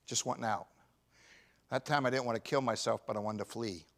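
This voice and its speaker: Bright-voiced preaching pastor, man. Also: mid-range voice, a little fast. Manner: swings from shouted emphasis to quiet confession. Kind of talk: sermon. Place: church.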